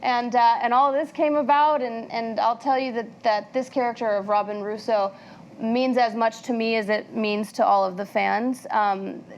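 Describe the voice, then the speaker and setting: Actress guest, 40s, sincere, hesitant delivery, slightly higher voice. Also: female voice, fairly even intonation, slight background noise, poor audio. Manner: earnest, halting with fillers. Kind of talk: talk show guest chat.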